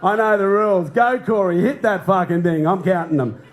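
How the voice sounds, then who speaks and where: A man's voice: high voice, normal speed, slight background noise. A middle-aged Australian man doing stand-up in a comedy club, with a brash, sweary, ranting delivery. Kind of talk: stand-up set. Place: comedy club stage with a live audience.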